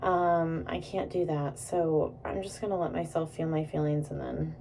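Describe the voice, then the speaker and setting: A woman's voice: sits low, steady tone, normal speed, gravelly, dark tone, far from the mic, slight background noise. A young woman vlogging casually while doing her makeup, rambling, giggling and swearing freely. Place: indoors at home.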